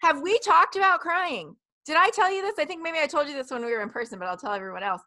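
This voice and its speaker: A woman in her thirties hosting a live stream, talking in a chatty, animated storytelling way. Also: high-pitched, fast. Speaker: host. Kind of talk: casual live-stream chat.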